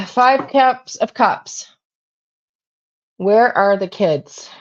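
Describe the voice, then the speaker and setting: A woman's voice: a little high, drawn-out words, lo-fi sound. Woman pulling tarot cards aloud. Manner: repeats questions to spirit, thinks aloud. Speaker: tarot reader and true crime channel host.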